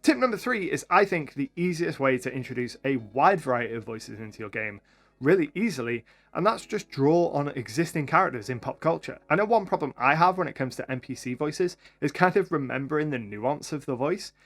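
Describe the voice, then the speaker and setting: A man hosting a tutorial for game masters, talking to camera with upbeat, lively energy. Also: a little high, fairly quick. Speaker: YouTube host and game master.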